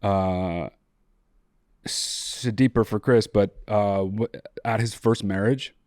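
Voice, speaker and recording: A young man hosts a podcast in casual chat, jokey and profane with bouts of mock outrage, and a bit nasal after being sick. His lowish voice is slow and slightly mellow. The recording is dry with clean studio sound.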